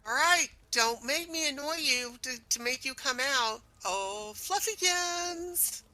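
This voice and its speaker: Bright, playful woman player. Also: sits high, moderate pace, poor audio. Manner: playful, calling out teasing nicknames. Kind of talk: tabletop role-play.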